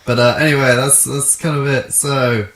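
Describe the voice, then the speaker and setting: A man's voice: medium pitch, fairly even intonation, moderate pace, a bit bright. A man co-hosting a casual fan review podcast, chatty and jokey as he wraps up the episode. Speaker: podcast co-host. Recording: echoey room.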